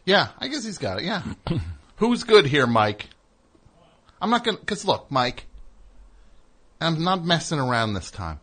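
Husky-voiced man hosting radio. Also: on the high side, sing-song, unhurried, pauses often, sharp tone. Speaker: radio show host. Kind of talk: casual comedy radio talk.

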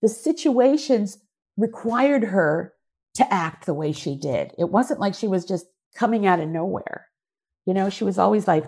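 A woman talking as a guest in a casual interview, lively and excitable. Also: normal speed, slightly rough. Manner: animated, jumps between high and low.

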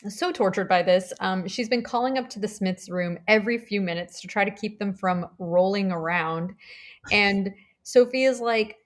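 A woman's voice: mid-range voice, moderate pace. A woman co-hosting a casual chat, recapping an episode with lots of "like" and an amused tone. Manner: chatty, many "like" fillers, amused. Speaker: podcast co-host.

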